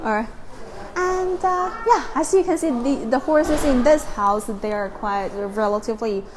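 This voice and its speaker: A woman's voice: sits high, normal speed. A woman hosting a casual travel vlog outdoors at a horse farm, chatty and playful, slipping between English and Mandarin. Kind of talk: casual on-location chat. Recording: noisy outdoor ambience.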